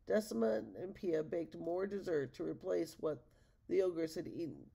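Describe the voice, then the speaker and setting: A woman reading a picture book aloud to listeners, in a gravelly voice. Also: fairly low pitch, moderate pace, dark tone. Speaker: storybook reader.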